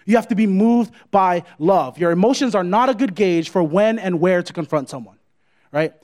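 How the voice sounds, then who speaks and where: A man's voice: high voice, normal speed, darkish tone. A man preaching a sermon as pastor, emphatic, repeating his points and checking in with the congregation.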